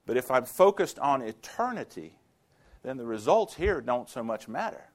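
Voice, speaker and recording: A man preaching a sermon to students, telling stories and rising to emphatic exclamations. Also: medium pitch.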